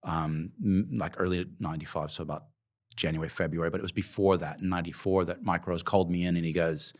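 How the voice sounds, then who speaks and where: This fast-talking man has a deep voice; he is a fifty-something coffee company founder from Oregon, USA. As an interview guest he tells his life story reflectively and with emotion, sprinkling in plenty of hesitant ums.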